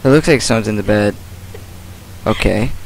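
A man's voice: fairly low pitch, normal speed, gravelly, a little hiss or hum, rough recording. A young man playing a horror game, reacting nervously and talking to himself as he goes. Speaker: gaming channel host. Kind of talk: horror game let's play commentary.

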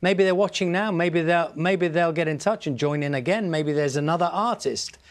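A man presenting a breakfast news show, interviewing a guest in a brisk, jovial way. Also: a little high. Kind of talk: live TV interviewing.

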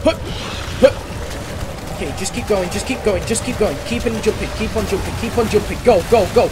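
A young man with a notably high voice, commenting on a horror game as he plays. He jumps and screams easily and repeats short phrases in nervous bursts. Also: brisk, heavy background noise. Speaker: gaming YouTuber.

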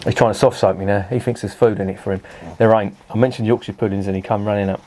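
A man's voice: on the low side, fairly even intonation, fast talker, mellow, a little hiss or hum. A middle-aged man, reviewing a beer in a casual, rambling and sweary way at home.

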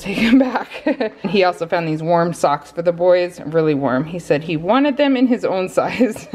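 A woman, chatting casually through a grocery haul, out of breath and laughing often. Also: fairly low pitch. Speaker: vlogger showing a grocery haul. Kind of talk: casual chat.

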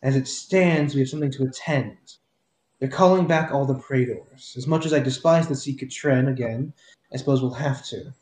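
Brief: domineering female commander, man doing the voice, slow, deliberate commands, mellow tone. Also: mid-range voice, reverberant, close to an everyday voice, poor audio. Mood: commanding.

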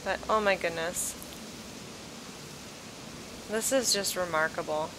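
Taking it slowly in a lowish voice, a sleepy, yawning woman gushes and exclaims over a game island she tours on video. Background music plays over a noisy backdrop in this casual gameplay commentary.

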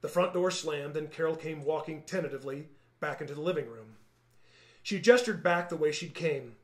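Man reading aloud, calm and measured, fairly high voice, echoey room. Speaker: author reading his book. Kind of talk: audiobook-style narration.

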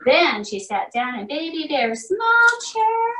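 A preschool teacher, a woman, reading a storybook aloud to children in a slow, animated, expressive way, heard from far off in an echoey classroom. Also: high voice.

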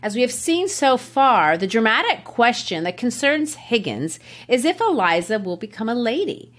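Lively-voiced woman explaining literature. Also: fairly high pitch, normal speed. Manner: explanatory, laughs easily. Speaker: podcast host, literature teacher. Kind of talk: educational literature discussion.

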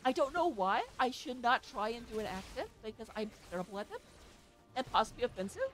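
A woman calls an amateur esports match at a rapid clip, her voice sitting a little high. She talks in a chatty, excitable way and drops joking asides between the plays. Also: faint music behind. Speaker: esports caster. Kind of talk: play-by-play game commentary.

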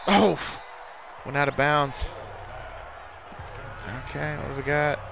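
A young man giving excitable live commentary while playing a football video game, full of exclamations and mild curses. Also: fairly high pitch, slow, gravelly, a crowd in the background, noisy background. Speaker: gaming YouTuber.

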